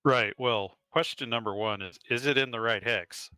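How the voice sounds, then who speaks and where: A man's voice: mid-range voice, normal speed, bright, forceful tone, clear, resonant tone, no echo. A man playing in a tabletop game, questioning and arguing positions in a wry way. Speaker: player.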